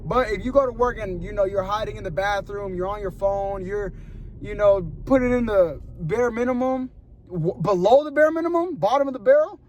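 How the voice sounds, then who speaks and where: A young man telling stories in a casual, slangy vlog, animated and laughing often, filming with his phone from his car and then inside a store. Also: high voice, fairly quick, highs cut off. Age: young adult. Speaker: vlogger.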